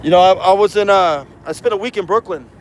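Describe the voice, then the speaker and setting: A man's voice: high voice, fast, slight background noise, poor audio. A man chatting on a livestream as a truck driver, rambling and slangy, dropping in Spanish words. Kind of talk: casual livestream chat.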